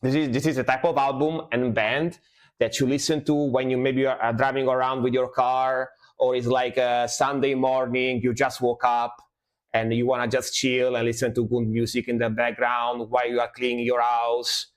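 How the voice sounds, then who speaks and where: A man's voice: medium pitch, flat delivery, moderate pace. A man streaming music reactions in easygoing casual chat, repeating himself and leaning on "you know". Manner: laid-back, loose, repeats words and adds "you know".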